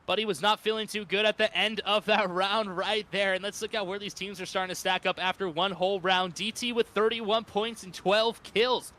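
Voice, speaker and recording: A man casting a clan battle with excited, slangy play-by-play commentary. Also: high voice, moderate pace, hardly any pauses. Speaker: esports caster. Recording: game gunfire noise behind.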